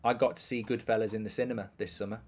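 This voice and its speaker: A man in his thirties rattles along rapid-fire in a lowish voice with fairly even intonation. He's hosting a live football watchalong, chatting casually and reading viewers' questions aloud with dry nonchalance.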